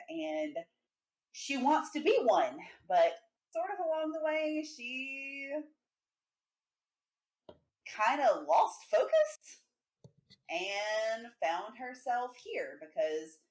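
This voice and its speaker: A woman's voice: medium pitch, sing-song, takes it slowly, a little mellow. A woman introducing her character as a player, hesitant with many ums. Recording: roomy echo.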